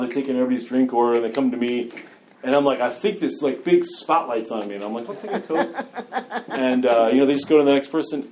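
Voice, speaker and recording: A man's voice: mid-range voice, darkish tone, slight background noise. A man candidly telling a story from his own life in a loose, conversational way, with self-mocking humor and lots of filler words. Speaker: person sharing his recovery story.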